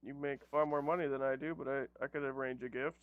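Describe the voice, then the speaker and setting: A man with a mid-range voice chats casually while playing a tabletop game online. He is easygoing and quick to joke and laugh. His voice is close and dry, with no room sound. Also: medium pitch, level tone, no echo, phone-quality sound. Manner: easygoing, jokey, laughs often. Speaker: player.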